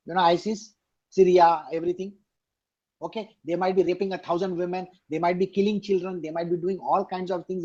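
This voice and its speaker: A man's voice: high voice, a little mellow, slightly rough, highs cut off. A man giving an emphatic scripture discourse over a video call, repeating key lines and asking his listeners questions. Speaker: spiritual teacher. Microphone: online video call.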